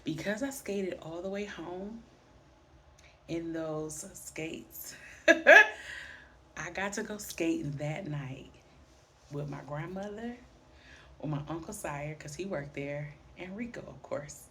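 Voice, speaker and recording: Middle-aged woman vlogger, lower voice; animated storyteller who acts out the voices. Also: slow pace, long pauses, a little hiss or hum. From Highland Park, Michigan, near Detroit. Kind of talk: personal storytelling vlog.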